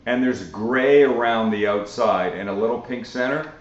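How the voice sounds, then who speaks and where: This is a man from Canada hosting a casual live-stream cooking Q&A, chatty and animated with the odd curse thrown in. His middle-range voice rings around a roomy space. The recording has a dull, lo-fi sound. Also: mid-range voice, normal speed, a little hiss or hum. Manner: animated, swearing, chatty storytelling. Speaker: cooking show host.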